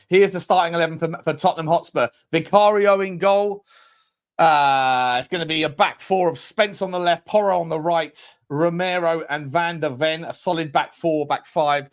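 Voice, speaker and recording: A man with a fairly high voice hosts a live football watchalong. He keeps the banter easygoing and upbeat, greeting viewers and reading their comments aloud in a chatty, matey tone. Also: clear, resonant tone. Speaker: host of a football fan channel.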